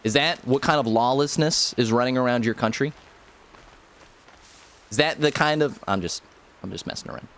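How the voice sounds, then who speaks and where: Pausing often at a moderate pace, a rural American streamer chats with viewers and jokes around while gaming. His mid-range voice is a bit bright. The casual live commentary carries slight background noise and faint music.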